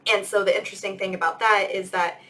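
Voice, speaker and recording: A woman's voice: medium pitch, fairly even intonation, fast talker, pushed and bright, slight background noise, poor audio. A young woman giving a casual grammar lesson as a teacher, chatty and full of fillers. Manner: chatty, lots of "like" and "um". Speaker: English teacher.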